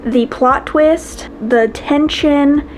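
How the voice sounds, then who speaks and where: A woman's voice: high voice, drawn-out words, a little mellow, a little hiss or hum, rough recording. A woman chatting expressively to her viewers in a casual reading vlog. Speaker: book vlogger.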